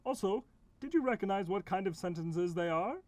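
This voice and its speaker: A woman doing a calm punctuation pal in a children's lesson skit who explains things patiently and hums between thoughts. The voice sits at a middle pitch. The sound is dry and close. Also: fairly quick, no echo, lightly acted. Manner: patient, explaining, humming "hmm" often. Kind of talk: children's educational puppet skit.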